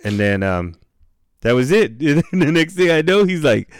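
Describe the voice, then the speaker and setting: A man's voice: a little high, very animated, moderate pace, no echo, studio quality. A man casually telling a story on a podcast, laid-back and slangy, swearing freely and laughing as he talks.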